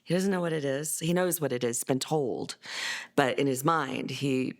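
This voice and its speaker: A middle-aged mother tells her son's story in a documentary interview, in a conversational way with fillers and restarts, livening up when she voices what others said. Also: normal speed. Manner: voices others' words with livelier, higher delivery.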